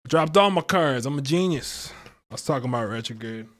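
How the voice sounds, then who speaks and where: A man's voice: medium pitch, lively intonation, fairly quick, a bit bright. Chatty man giving a tarot reading. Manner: chatty and playful, laughs at himself, many fillers. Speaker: astrology and tarot reader, livestream host. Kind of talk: casual livestream tarot reading.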